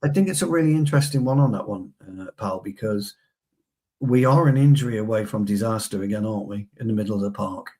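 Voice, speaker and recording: Man, low-pitched, casual football banter, chatty co-host. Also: fast talker, a little mellow. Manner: chatty, banter-filled, addresses co-host as pal. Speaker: fan channel co-host. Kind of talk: casual football fan chat.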